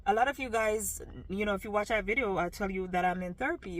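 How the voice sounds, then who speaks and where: A woman's voice: medium pitch, animated, a little fast, few pauses. Frank woman vlogging with a Jamaican lilt. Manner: frank and emphatic, with many "you know" fillers. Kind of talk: candid personal vlog.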